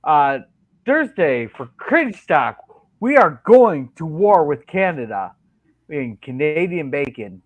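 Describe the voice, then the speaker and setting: A man's voice: fairly high pitch, very animated, slow, no room sound. A man on a casual livestream in a laid-back way, running through his plans with plenty of fillers. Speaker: guest streamer, chat helper. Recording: dull lo-fi microphone.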